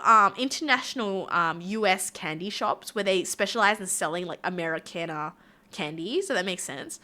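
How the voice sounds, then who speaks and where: Bubbly, bright-voiced Australian woman. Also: medium pitch, expressive, fairly quick. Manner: bubbly, rambling, giggly. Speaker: livestreamer. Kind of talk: casual stream chat reading viewer comments.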